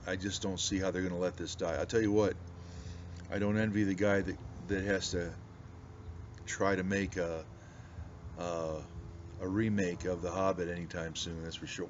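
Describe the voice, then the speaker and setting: A man from the United States, a pastor chatting casually to viewers in a rambling, folksy way with many restarts. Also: low voice. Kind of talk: casual pipe-smoking video chat. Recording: slightly dull audio with faint background noise.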